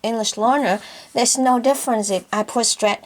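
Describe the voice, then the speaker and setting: A woman's voice: a little high, moderate pace. A woman from Vietnam speaking English with a Vietnamese accent, a learner who asks careful questions and repeats words while she thinks. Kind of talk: casual lesson chat.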